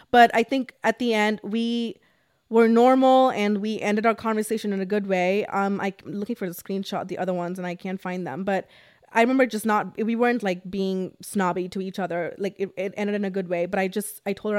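A woman's voice: medium pitch, steady tone, normal speed, no room sound, studio quality. A young woman in her twenties, hosting a podcast and telling a casual, emotional storytime with lots of "like" and rambling restarts. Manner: rambling and emotional, heavy use of "like". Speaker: podcast host.

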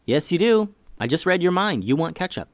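A man's voice: very animated, a little fast. A man voicing a confident, teasing little girl in a storytelling podcast. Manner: high, teasing and sure of herself.

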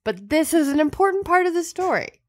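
A woman co-hosting a podcast, chatting casually and excitably, with frequent laughter and theatrical interjections. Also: extremely high pitch, a little fast, no echo. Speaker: podcast co-host. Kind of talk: casual chat.

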